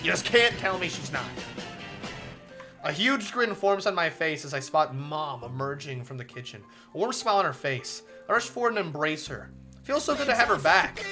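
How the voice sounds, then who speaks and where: A male streamer with a high, bright voice, reading a visual novel aloud and breaking off into playful, swearing asides. His pitch leaps around animatedly, and soft game music plays in the background. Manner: playful, profane asides, excitable and jokey.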